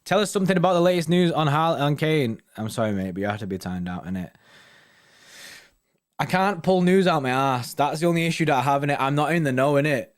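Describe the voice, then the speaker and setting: A man's voice: fairly high pitch, expressive, quick pace. A young man hosting a football fan live stream, chatting casually with viewers, full of slang and tags like "innit" and "you know what I mean".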